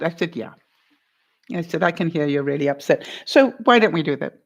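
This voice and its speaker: An older woman vlogger giving life advice, telling a story in a casual, animated way and acting out both sides of a phone call. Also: deep voice, brisk, vocal fry.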